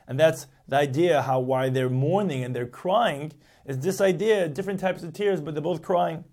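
A man's voice: on the high side, normal speed, darkish tone. A man giving a Talmud class, reading Aramaic passages aloud and then explaining them in English, with frequent repeats and restarts. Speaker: Talmud teacher. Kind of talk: Talmud class lecture, translating line by line.

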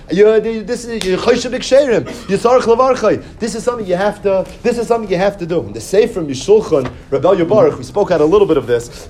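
Man, high voice, animated Talmud class storytelling, faint background hiss. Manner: animated, jumps to high pitch when quoting characters, sprinkles Yiddish and Hebrew terms. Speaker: Torah teacher.

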